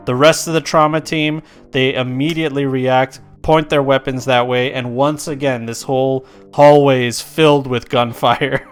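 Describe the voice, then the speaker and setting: Smooth-voiced male game master. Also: mid-range voice, steady tone, moderate pace, hardly any pauses, faint music behind. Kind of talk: narrating a tabletop game.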